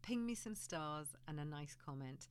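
A woman hosting a parenting podcast, talking in a gentle coaching way and dropping to a soft hush for comforting phrases. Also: deep voice, animated, moderate pace, slight background noise. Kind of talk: solo podcast talk.

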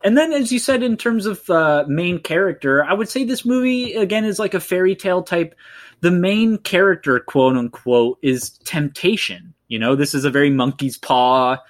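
A man's voice: sits high, moderate pace. A man co-hosting a podcast, casually talking through a film with many fillers. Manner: rambling, heavy with fillers like "like" and "you know". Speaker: podcast co-host.

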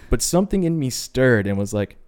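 A man's voice: mid-range voice, sing-song, brisk, a little mellow, smooth. A man sharing his personal faith testimony on a podcast, telling it as an earnest story. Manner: earnest storyteller, acts out quoted voices. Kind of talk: personal testimony, casual chat.

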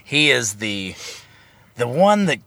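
Brief: male co-host, bright forceful tone, sardonic and crude, dry booth sound. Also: mid-range voice, very animated, takes it slowly, creaky, no echo. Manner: sarcastic, profane, opinionated rants. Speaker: podcast co-host. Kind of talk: casual chat.

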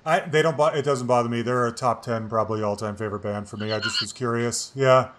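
A man's voice: medium pitch, fairly even intonation, quick pace, crowd noise. A male podcast host who talks casually, agreeing readily and rambling with many fillers. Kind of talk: casual podcast chat and outro. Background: music.

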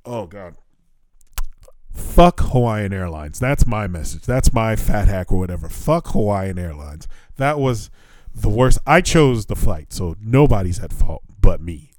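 A man in his thirties from the United States hosts a casual podcast, recounting a story with plenty of swearing and quoted back-and-forth dialogue. His voice sits a little low, and the close recording is dry with no room sound. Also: lively intonation, normal speed, few pauses, darkish tone, no room sound. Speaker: podcast host. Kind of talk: casual chat.

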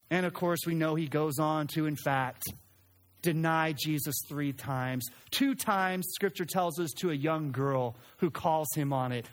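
A man preaching a sermon in an animated way, acting out quoted lines and sometimes restarting his sentences. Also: on the high side. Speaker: pastor.

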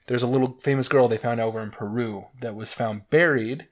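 A man's voice: medium pitch, steady tone, brisk. A young man from Utah co-hosting a casual podcast, joking and crude, often laughing as he talks. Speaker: podcast co-host.

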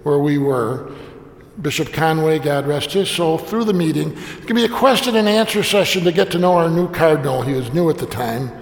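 A man's voice: a little high, a little fast. A man, a priest, telling a humorous story about himself in a wry, self-deprecating way. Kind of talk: humorous anecdote told to an audience. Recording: echoey hall with long reverb.

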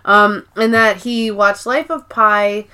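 A woman's voice: medium pitch, fairly even intonation, takes it slowly, pushed and bright. A young woman co-hosting a podcast, recapping episodes in casual, chatty talk full of "like" and "um", with the odd swear. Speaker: podcast co-host.

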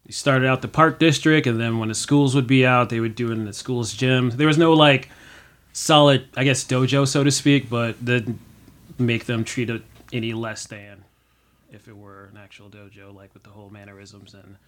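A man's voice: medium pitch, steady tone, moderate pace, fairly bright tone. Young man, casual guest, rambling storyteller, fills with "like" and "uh", acts out quotes. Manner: rambling, many fillers, acts out his own quotes. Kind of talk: casual chat.

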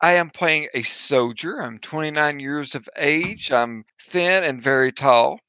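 A man's voice: fairly high pitch, unhurried, pushed and bright, smooth, no echo. A man hosting and playing in a tabletop game, rambling casually and making self-mocking jokes. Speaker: player.

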